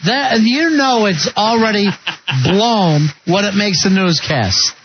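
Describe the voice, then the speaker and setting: A man's voice: high-pitched, slow. A man hosting a talk radio show, sarcastic and wisecracking in casual banter. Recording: lo-fi radio broadcast with hiss.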